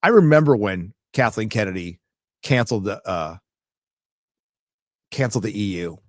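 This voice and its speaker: A man's voice: on the low side, lively intonation, normal speed, dry recording. Profane ranting man on a dry mic. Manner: profane, ranting, sarcastic asides. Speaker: livestream host reading viewer comments. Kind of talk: casual live-stream chat.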